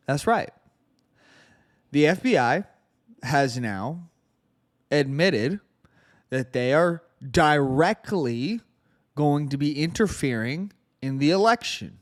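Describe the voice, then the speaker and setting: Sarcastic male podcast host, lively pitch. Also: takes it slowly, long pauses. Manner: sarcastic, incredulous, emphatic. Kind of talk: political commentary podcast.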